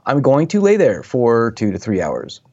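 A man's voice: mid-range voice, huge pitch swings, normal speed, dark tone, lo-fi sound. A man co-hosting a casual podcast, tired from lack of sleep and talking in a wry, easygoing way. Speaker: podcast co-host.

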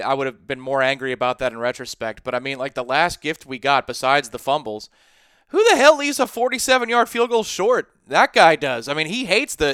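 Casting note: man, sports podcast co-host, chatty storyteller, bright crisp voice, dry close sound. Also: a little high, dry recording. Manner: chatty, animated storytelling with asides.

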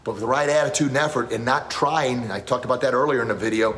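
A man's voice: medium pitch, fast talker, a little hiss or hum. A man who teaches martial arts, giving a motivational talk on a live stream, telling stories with lots of energy and reading out viewer comments as he goes. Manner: animated storytelling, gets loud and excited acting out scenes. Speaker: martial arts instructor and podcast host.

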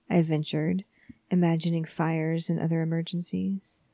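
A woman narrating a horror story in a soft, hushed, often whispery voice, measured and calm. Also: medium pitch, gravelly, no echo.

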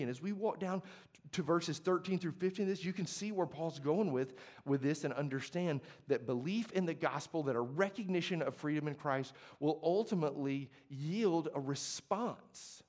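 High-voiced, passionate young preacher man. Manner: conversational and passionate, swings from quiet to emphatic. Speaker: pastor. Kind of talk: sermon.

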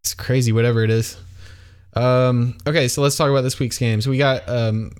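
A man's voice: medium pitch, steady tone, normal speed, a little mellow, smooth. A man co-hosting a casual sports podcast, rambling through the week's games with many fillers. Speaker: podcast co-host.

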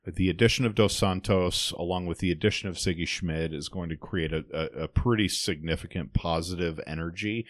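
A man with a very low voice chats about an upcoming match, pausing often on fillers and restarting his sentences. The sound is close and dry, with no room around it. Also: no room sound. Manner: hesitant, many fillers, laughs easily. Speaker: podcast co-host. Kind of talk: casual sports chat.

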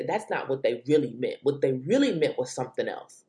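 Woman host ranting on her show, low mellow voice that shoots way up when she gets exasperated. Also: fairly quick, hardly any pauses. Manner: animated, exasperated rants with sudden high pitch jumps. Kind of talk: opinion commentary monologue.

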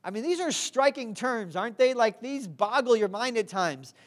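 A woman's voice: on the high side, expressive, moderate pace. Lady preacher giving a sermon, earnest, keeps asking the crowd to answer back. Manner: earnest, asks the congregation to respond.

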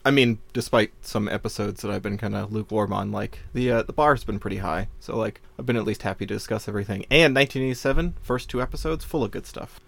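Fast-talking gravelly man on a podcast. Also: lowish voice, fairly bright tone, no echo. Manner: rambling, hesitant, many fillers. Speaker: podcast co-host and editor. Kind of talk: casual podcast chat.

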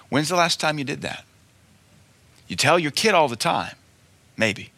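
A man delivers a sermon with a bright, forceful voice that cuts through. He preaches emphatically and tells folksy stories. He hammers his points home by repeating key lines. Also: a little high, lively intonation, moderate pace, long pauses.

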